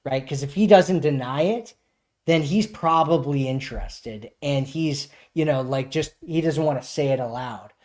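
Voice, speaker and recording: A man's voice: fairly high pitch, normal speed, darkish tone. A man hosting a casual live stream as a dating coach, answering chat questions in a loose, filler-heavy way and often tagging on "right?".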